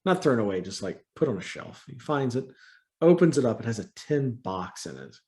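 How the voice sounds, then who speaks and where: A man's voice: mid-range voice, very animated, brisk, warm tone. A man guesting on a movie review chat, talking casually and animatedly, laughing often and ranting in exasperation.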